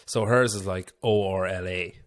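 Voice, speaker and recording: A man's voice: sits low, steady tone, moderate pace, dry recording, clean studio sound. A man in his thirties with an Irish accent, hosting a podcast in casual chat and telling stories in a rambling, chatty way full of fillers. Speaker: podcast host.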